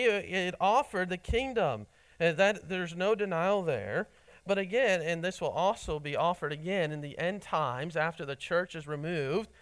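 A man with a fairly high voice preaches to his congregation. He teaches in an earnest, steady way and leans hard on key words, sometimes repeating them for emphasis. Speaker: pastor. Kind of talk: sermon.

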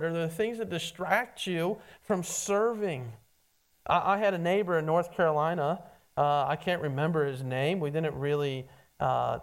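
A preacher delivering a casual, conversational sermon from the pulpit. The voice sits in a middle pitch and speaks directly to the congregation as "friend", often stumbling and doubling words as the thoughts come. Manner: addresses listeners as friend, frequent stammered restarts.

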